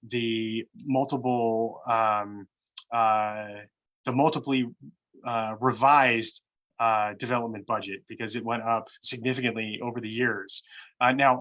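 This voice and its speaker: Man, defense analyst, halting explanations, filler-heavy, bright tone, muffled recording. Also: mid-range voice. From United States. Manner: halting, many fillers and restarts, earnest. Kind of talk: explanatory discussion.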